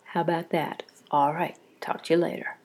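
Woman podcaster, lowish voice, stuffed up from a cold, rambling home diary chat. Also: flat delivery, moderate pace, a little mellow. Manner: chatty and rambling, with frequent restarts. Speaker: quilting podcaster. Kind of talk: casual audio diary. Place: home, sitting on a couch.

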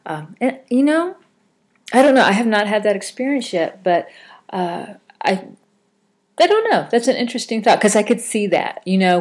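A woman's voice: on the low side, darkish tone. A woman hosting a casual podcast, chatting and reading out listener comments with frequent fillers and self-corrections. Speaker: podcast host.

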